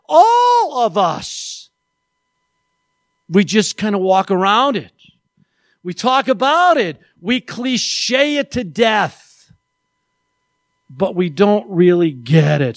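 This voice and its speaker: A man preaching a sermon as pastor, animated and playful, acting out little quoted voices. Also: high voice, no echo.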